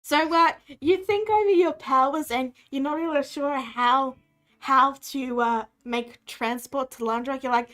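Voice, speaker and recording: A woman's voice: sits high, a little slow, fairly bright tone. A woman running a tabletop game as dungeon master, describing scenes in a playful, rambling way.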